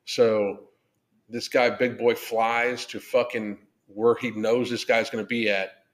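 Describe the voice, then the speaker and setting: A man's voice: mid-range voice, little pitch movement, a little slow. A man hosting a live podcast, ranting bluntly and swearing a lot while reading out viewer comments. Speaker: podcast host. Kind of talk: live-stream rant reading chat.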